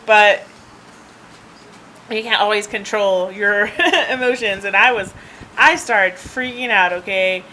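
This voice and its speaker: A woman's voice: mid-range voice, takes it slowly, long pauses, bright, forceful tone, slight background noise, low-quality recording. A woman vlogger telling a personal story in a rambling, chatty way, laughing often and filling gaps with ums and restarts, recorded on a handheld device. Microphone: handheld device camera.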